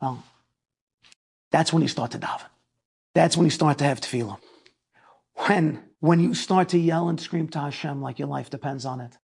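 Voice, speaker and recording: A man giving a lecture, telling a personal story in an emphatic way that builds to near shouting. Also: a little high, normal speed, gravelly, pauses often, husky. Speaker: speaker telling his story.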